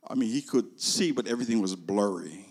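A man telling a story as a sermon, animated, swinging from loud to hushed. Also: fairly low pitch, a little fast, gravelly, in a large hall. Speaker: preacher.

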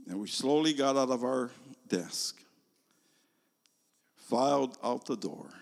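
An older man preaching a sermon, telling a story slowly and moving between loud emphasis and hushed, near-whispered lines. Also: medium pitch, animated, gravelly. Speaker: pastor. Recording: long reverb of a large hall.

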